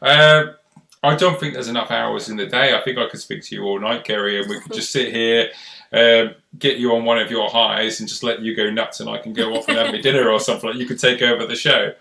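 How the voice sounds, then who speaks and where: A man's voice: medium pitch, steady tone, a little fast, creaky, pushed and bright, roomy sound. A man hosting a casual live-stream chat, chatty and rambling in an encouraging way. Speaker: host.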